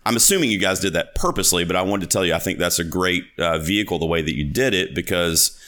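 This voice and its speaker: A man's voice: low voice, expressive, quick pace, fairly bright tone. A man hosting a podcast interview, chatting casually and enthusiastically, rambling with lots of fillers and restarts. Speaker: podcast host.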